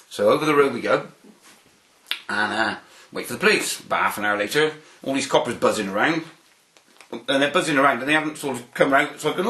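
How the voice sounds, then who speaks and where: A man, interviewed and telling anecdotes in an animated way, often repeating words as he starts a phrase. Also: mid-range voice, fairly quick, long pauses, reverberant. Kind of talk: anecdotal storytelling.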